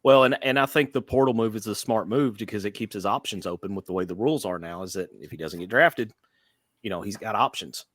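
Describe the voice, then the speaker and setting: A man co-hosting a casual sports podcast, measured and hedging his points. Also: lowish voice, fairly bright tone, no echo, studio quality. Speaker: podcast co-host.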